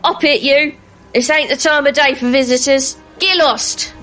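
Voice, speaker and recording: Woman doing a rude, gruff manor guard. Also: high voice, fairly even intonation, moderate pace, faint music behind, pitched above the performer's own voice. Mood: hostile. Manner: gruff, shouting slang insults.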